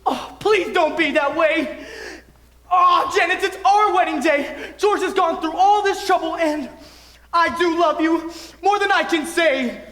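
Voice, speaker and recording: A man's voice: very high voice, unhurried, bright, forceful tone, exaggerated voice. A teenage actor playing an earnest, lovestruck groom who pleads with his bride, in a school stage musical. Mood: pleading. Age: teens. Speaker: Robert, the groom. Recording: roomy stage sound in an auditorium, pit music.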